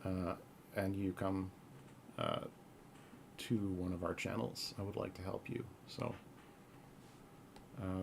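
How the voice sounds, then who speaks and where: A man hosting a live-coding stream, talking in a halting, earnest, soft-spoken way with a gravelly voice. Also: low voice, steady tone, slight background noise. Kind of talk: casual live-stream talk.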